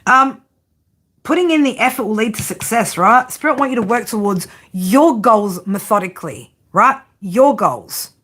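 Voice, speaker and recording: A woman giving a tarot reading, blunt and profane, often tagging her points with a quick "right?". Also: fairly high pitch, expressive, a bit bright, slightly rough. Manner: frank tough-love delivery. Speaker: tarot reader.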